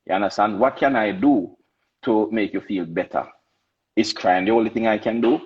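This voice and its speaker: A man's voice: lowish voice, moderate pace, slightly rough, muffled recording. A man with a Jamaican accent in casual podcast debate, emphatic and repetitive, lecturing his co-hosts. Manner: emphatic, repeats himself, lectures. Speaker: podcast co-host.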